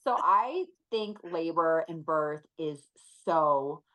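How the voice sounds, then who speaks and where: Woman in her 30s, guest on a chat show, earnest and kinda halting, slightly low voice. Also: lively intonation, a bit bright, dull audio. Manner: earnest, emotional, halting with fillers. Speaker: podcast guest. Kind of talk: casual interview chat.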